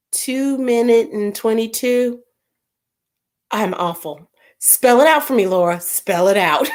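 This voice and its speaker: Woman livestream host: chatty, amused, reading comments with a lively, bouncing voice. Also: mid-range voice. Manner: animated, laughing, puzzling over names aloud. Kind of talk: casual livestream chat.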